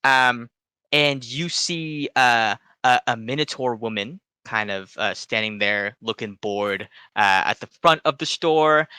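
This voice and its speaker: A male game master describing scenes in a tabletop game, talking in a loose, rambling way full of ums. His voice is bright and clear, recorded dry and close. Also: medium pitch, takes it slowly, no room sound. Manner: loose and rambling, many fillers.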